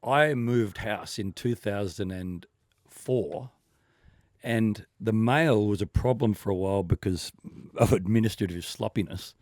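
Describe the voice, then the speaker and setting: A man's voice: on the low side, measured pace, a little mellow, no room sound, clean studio sound. A middle-aged Australian man hosting a radio show, telling wry anecdotes in casual banter. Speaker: radio host. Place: radio studio.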